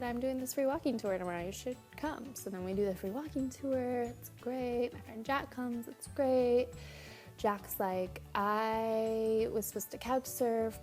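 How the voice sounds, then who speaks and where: A woman's voice: on the high side, darkish tone. A young woman vlogging to camera, telling a rambling travel story in a chatty, laughing way. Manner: chatty, rambling, laughs often, quotes people in quick asides.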